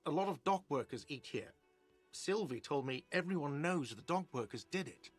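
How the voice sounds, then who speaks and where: A man's voice: fairly high pitch, lively intonation, moderate pace. Grumpy cafe manager guy, snippy and defensive, bit of game music in back. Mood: annoyed, defensive. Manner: defensive, curt and exasperated. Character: irritable middle-aged male cafe manager.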